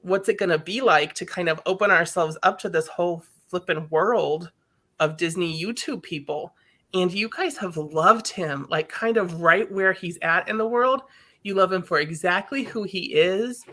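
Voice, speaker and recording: A woman's voice: lowish voice, moderate pace, sharp tone. A woman guest on a live chat, speaking sincerely and gratefully as a mom, in casual wording. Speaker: guest parent. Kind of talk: heartfelt live-stream chat.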